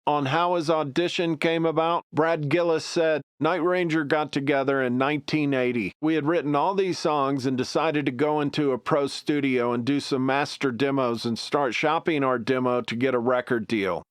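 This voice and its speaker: Brief: male narrator, measured reading, crisp voice, dead dry. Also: mid-range voice, no echo. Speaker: documentary narrator. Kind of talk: scripted narration reading quotes.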